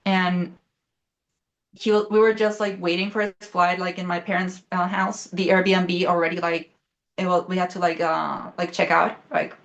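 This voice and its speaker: A young woman chatting casually as a guest, telling a story quickly with lots of fillers and the odd swear word. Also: fairly low pitch, flat delivery, lo-fi sound. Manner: fast, rambling, many fillers, swearing.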